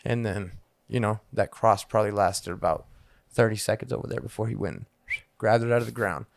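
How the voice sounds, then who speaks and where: A man's voice: lowish voice, brisk, vocal fry, dry recording, studio quality. A man co-hosting a podcast, telling a rambling, profane story in casual chat. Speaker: podcast co-host.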